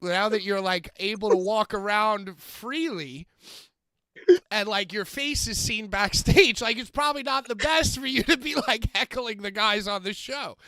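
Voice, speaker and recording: A man's voice: high voice, measured pace, sharp tone, no room sound. A man co-hosting a wrestling podcast, rambling and laughing through casual banter. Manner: rambling, laughing, trails off mid-sentence.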